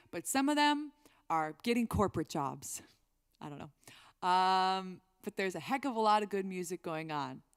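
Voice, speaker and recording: A woman's voice: on the low side, clear, resonant tone. A woman singer-songwriter chatting on a live stream between songs, rambling and reading chat aloud.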